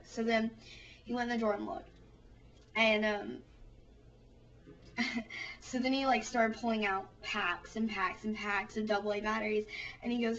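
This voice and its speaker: A woman's voice: a little high, level tone, moderate pace, long pauses, a bit bright. A young woman telling a funny story in a rambling, giggly way, full of fillers. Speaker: vlogger. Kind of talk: casual storytelling. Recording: distant, dull lo-fi home recording.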